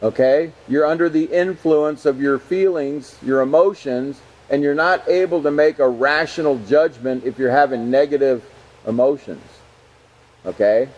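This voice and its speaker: A man's voice: a little high, moderate pace, darkish tone, muffled recording. A man teaching a character education class in a conversational lecture style, often checking in with "you know" and "okay" and chuckling along the way.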